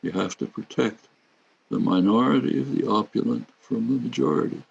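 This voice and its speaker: An older man speaks as a guest commentator, explaining things deliberately in a lecture-like way. His low voice is heavily gravelly and husky. The recording sounds dull and lo-fi. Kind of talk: lecture-like reflection.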